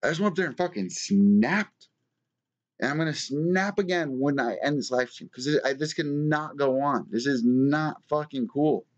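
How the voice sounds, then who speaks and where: A man's voice: mid-range voice, animated, moderate pace, highs cut off. A man hosting a live-streamed fight news show from his small apartment, ranting and swearing a lot in casual commentary. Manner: profane, heated ranting. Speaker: MMA news show host.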